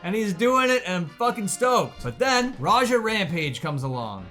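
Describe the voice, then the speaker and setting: A man's voice: high voice, big pitch swings, moderate pace, few pauses, sharp tone, faint music behind. A man hosting a reaction commentary video, exasperated and mocking, swearing often.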